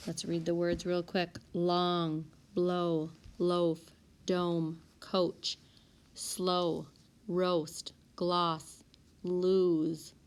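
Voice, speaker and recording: A woman's voice: lowish voice, monotone. A woman teacher going through spelling word lists and sorting them by sound. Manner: reads word lists slowly and clearly. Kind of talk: recorded spelling lesson. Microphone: tablet.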